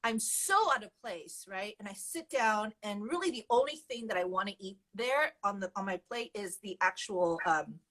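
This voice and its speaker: A woman's voice: medium pitch, lively intonation, moderate pace, hardly any pauses, fairly bright tone, rough recording. A woman guest telling her personal story candidly and animatedly, laughing often as she goes.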